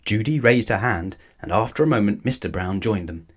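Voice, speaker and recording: A man reading a children's storybook aloud with lively, expressive narration. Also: fairly low pitch, fairly quick. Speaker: storybook reader.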